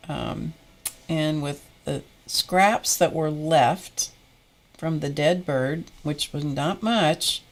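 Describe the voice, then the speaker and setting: An art instructor hosting a live painting stream talks slowly and easily in a low voice as she paints. She wanders into long personal stories, then stops to greet chat viewers by name.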